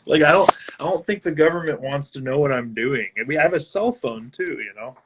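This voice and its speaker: A man's voice: fairly high pitch, lively intonation, moderate pace, fairly bright tone, slightly rough. A man, a guitarist guest, talking casually on a video call, laid-back, laughing often and swearing now and then. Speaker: guest musician. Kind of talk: casual chat over live video.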